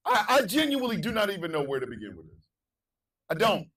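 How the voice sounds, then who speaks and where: A high-voiced man with a wildly lively pitch hosts a morning talk show, chanting hype calls and ranting. He swings between shouting and low asides, and he sounds set back from the mic. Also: quick pace, distant mic, rough recording. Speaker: radio show host.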